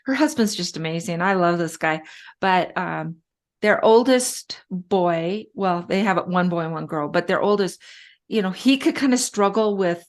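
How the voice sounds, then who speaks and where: A woman's voice: on the low side, expressive, normal speed. A middle-aged woman speaking as a guest in a casual interview, chatty and storytelling with frequent fillers. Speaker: guest, respiratory therapist.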